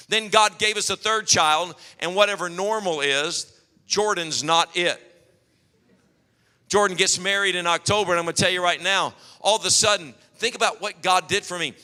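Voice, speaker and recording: A man preaching a sermon, telling animated stories and acting out quotes. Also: high voice, normal speed. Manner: storytelling, animated, acts out quotes. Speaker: pastor. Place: church hall. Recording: long hall reverb.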